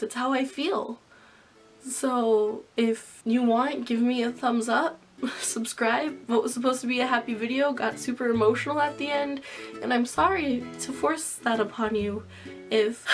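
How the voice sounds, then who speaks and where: Emotional young woman vlogger, higher voice. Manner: emotional, earnest, rambling with "like" fillers. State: tearful. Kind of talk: reaction vlog rant.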